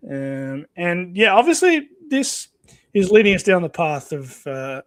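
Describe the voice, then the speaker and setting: A man's voice: sits high, big pitch swings, unhurried, no echo. A man hosting a casual comic read-along, chatty and laughing often. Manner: chatty, laughs often, voice rises and falls a lot. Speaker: host.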